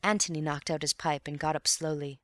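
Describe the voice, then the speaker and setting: Woman narrator, audiobook, measured storytelling, lowish voice, dry close recording. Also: fairly even intonation, fairly bright tone, no room sound. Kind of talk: scripted narration.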